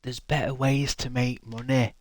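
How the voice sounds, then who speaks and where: Male streamer, chatty gamer, swears a lot, medium pitch. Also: flat delivery, moderate pace, no echo, studio quality. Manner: chatty, swears freely, laughs often. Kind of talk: casual gaming stream chat.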